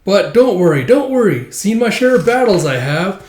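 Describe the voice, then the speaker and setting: Man voicing a small cheerful elf, breezy, higher voice, echoey room. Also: big pitch swings, moderate pace, a little mellow.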